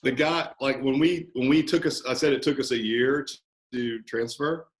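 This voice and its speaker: A man guest talking about coaching in a relaxed, animated interview, often acting out conversations. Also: mid-range voice, normal speed, roomy sound. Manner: animated storyteller, acts out coach-client banter. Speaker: fitness business owner, guest.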